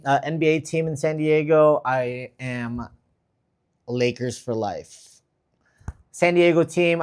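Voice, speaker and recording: A man hosting a travel livestream, chatting casually and reading viewer comments with an easygoing, filler-filled manner. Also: a little high. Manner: easygoing, chatty, many fillers, gives shout-outs.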